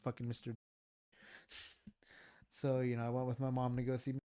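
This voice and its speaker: A man's voice: mid-range voice, moderate pace, smooth. A young man hosting a casual chat, rambling through stories with lots of profanity. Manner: rambling, animated storytelling with profanity. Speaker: podcast host.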